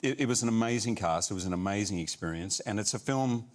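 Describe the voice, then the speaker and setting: Male actor guest, fairly low voice, animated storyteller. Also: fast talker. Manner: warm storyteller, animated retelling. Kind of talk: casual chat, anecdote.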